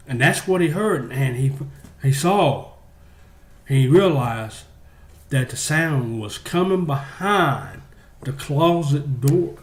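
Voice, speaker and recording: A man telling a long shaggy-dog joke in a halting, drawn-out way, full of fillers. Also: medium pitch, lively intonation, reverberant. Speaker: joke teller. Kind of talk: rambling spoken joke.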